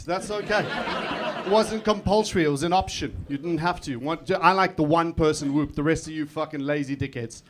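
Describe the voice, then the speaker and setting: A young man with a South African accent works a comedy club crowd through a handheld stage mic. He speaks in a high voice for a man, mocking himself and ribbing the audience with plenty of swearing. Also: fairly bright tone. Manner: profane, self-mocking banter with the crowd. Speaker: stand-up comedian. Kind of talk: stand-up comedy set.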